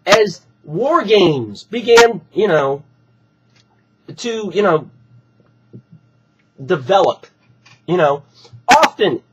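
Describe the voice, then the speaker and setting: A hoarse man, still recovering from being sick, ranting heatedly and with plenty of swearing in an opinion vlog. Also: high voice, sing-song, drawn-out words, pauses often, lo-fi sound, noisy background. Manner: heated, profane, repetitive ranting. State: hoarse from recent illness. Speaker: wrestling fan vlogger. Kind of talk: opinion rant to camera.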